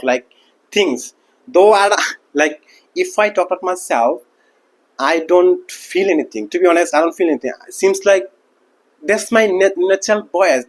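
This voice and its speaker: A man who did not grow up speaking English, talking casually to camera as a teacher and packing his speech with fillers like "like" and "you know what". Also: high voice. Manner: rambling, heavy use of like and you know what. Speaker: English teacher and channel host.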